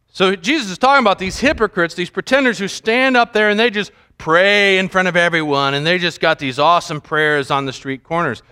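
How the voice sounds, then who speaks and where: A man's voice: a little high, lively intonation, fairly quick, few pauses, pushed and bright, smooth. A man preaching a sermon as pastor, joking and mimicking how people pray.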